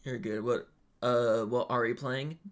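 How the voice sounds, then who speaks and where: Young man, casual streamer, nervous and hesitant, lots of fillers, mid pitch. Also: fairly even intonation, unhurried, a little hiss or hum. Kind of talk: casual live stream chat.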